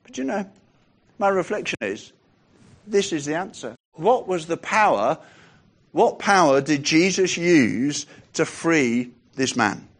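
A man preaching a sermon in a conversational way, dropping softer for quoted lines and lifting his voice when reading scripture aloud. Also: a little high, animated, slow pace.

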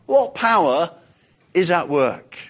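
Conversational preacher man, fairly high voice. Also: very animated, slow pace. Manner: conversational, drops to soft voice for quoted lines, rises when reading. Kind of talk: sermon with scripture reading.

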